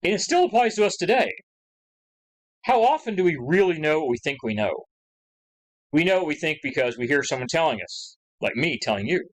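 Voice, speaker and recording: Animated, chatty male history lecturer. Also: fairly high pitch, brisk, low-quality recording. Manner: conversational, rambling with asides and fillers; acts out quoted questions with rising emphasis. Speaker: history teacher. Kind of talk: recorded lecture.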